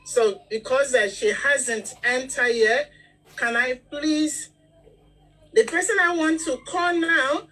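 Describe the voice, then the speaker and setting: A mother hosting a video call, speaking in a halting, heartfelt way about her family. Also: high-pitched, fairly bright tone. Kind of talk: emotional testimony on a video call. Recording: distant mic.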